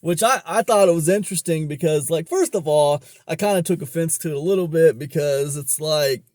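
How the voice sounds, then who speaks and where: A man's voice: a little high, brisk, darkish tone, no room sound, clean studio sound. A man talking about online business in a casual storytelling monologue, rambling along with many fillers and restarts.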